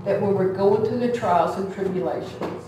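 A woman's voice: medium pitch, moderate pace, recorded from a distance, background noise. Earnest woman in an echoey hall. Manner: heartfelt, earnest, conversational. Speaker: church member giving testimony. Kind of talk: emotional church testimony. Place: church hall.

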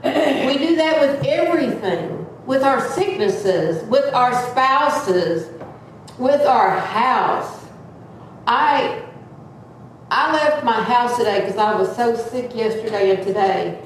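A woman giving a loud, earnest, plain-spoken sermon-style talk in a church. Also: on the high side, expressive, takes it slowly, slight background noise. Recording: echoey room from far off.

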